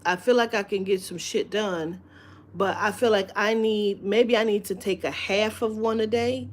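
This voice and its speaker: A woman's voice: medium pitch, fairly even intonation, normal speed. A woman chatting on a live stream from home, rambling and candid, swearing freely with lots of fillers. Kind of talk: casual live-stream chat.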